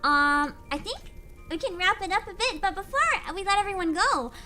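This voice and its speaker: A woman's voice: extremely high pitch, animated, normal speed, music in the background. A chatty woman hosting a stream and wrapping up a voice call with guests. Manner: chatty, lots of um and mm-hmm. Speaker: stream host. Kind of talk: casual chat.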